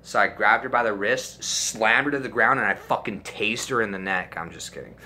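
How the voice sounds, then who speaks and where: Bright-voiced young man telling crude stories. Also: lowish voice, fairly quick, slight background noise. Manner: crude, profanity-heavy, animated storytelling. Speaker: storytime YouTuber. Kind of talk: casual storytime.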